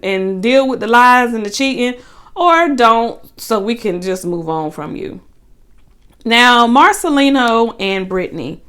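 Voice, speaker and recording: A woman's voice: fairly high pitch, a bit bright. A woman recapping a reality show in a casual, chatty way, with sassy asides. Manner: chatty, sassy asides, quick paraphrased quotes.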